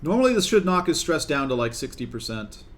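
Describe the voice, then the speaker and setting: A man's voice: on the high side, very animated, fairly quick, a bit bright. A young man streaming a colony game, talking to his characters in a coaxing, exasperated way. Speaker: gaming streamer. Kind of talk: live gameplay commentary.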